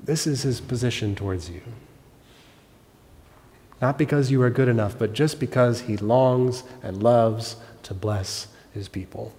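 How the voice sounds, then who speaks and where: A man preaching a sermon as pastor, earnest, swelling to emphatic peaks and then dropping soft. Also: mid-range voice, a little slow. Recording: long reverb of a large hall.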